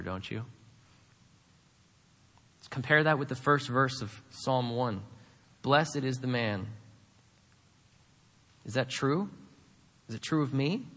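A man's voice: medium pitch, bright, forceful tone, big-room sound. A man preaching a sermon, emphatic, with many rhetorical questions to the congregation. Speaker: pastor.

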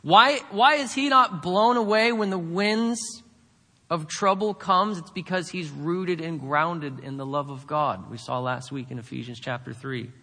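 A man's voice: a little high, a little slow, bright, forceful tone, in a large hall. A man preaching a sermon, emphatic, with many rhetorical questions to the congregation. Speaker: pastor.

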